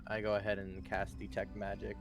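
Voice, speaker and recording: A man's voice: lowish voice, completely flat delivery, a little fast, creaky. A man playing in a tabletop game, joking around and laughing between questions, with music playing behind. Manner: jokey, laughs often. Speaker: player. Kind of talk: casual tabletop role-play.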